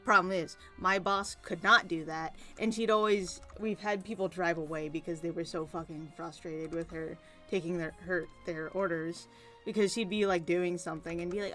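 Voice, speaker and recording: A woman's voice: fairly low pitch, fairly even intonation, normal speed. Rambling young woman venting while drawing. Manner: rambling, venting, swears freely. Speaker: art streamer. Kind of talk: casual chat while drawing. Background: soft background music.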